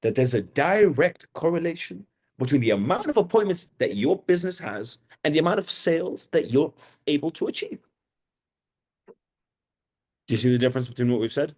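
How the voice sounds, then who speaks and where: A man's voice: on the high side, expressive, a little fast, pauses often, darkish tone. A man coaching trainees in sales, blunt and mocking as he gives orders. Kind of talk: live sales coaching session.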